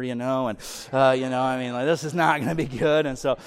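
A man preaching a sermon, telling a family story in an animated way that swings from loud excitement to hushed softness. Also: medium pitch, a little fast, clear, resonant tone, big-room sound. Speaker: pastor.

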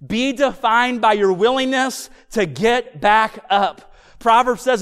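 The preacher's voice is smooth and sits high for a man as he preaches with animated, emphatic storytelling. Key lines come slower for force, and a long church-hall reverb follows each phrase.

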